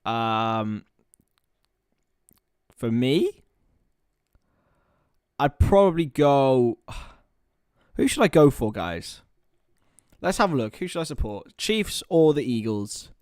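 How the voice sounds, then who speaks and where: A man's voice: medium pitch, very animated, takes it slowly, long pauses, a little mellow, clean tone, dry recording, clean studio sound. A young man hosting a casual live stream, rambling, joking about himself and reading out viewer comments. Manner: chatty, rambling, self-mocking, reads chat aloud. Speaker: livestream host. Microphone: webcam or computer mic.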